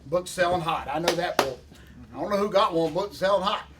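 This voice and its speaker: Excitable high-voiced man. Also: fast, noisy background. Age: 50s. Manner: folksy, excitable, rambling. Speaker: show host. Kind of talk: casual banter.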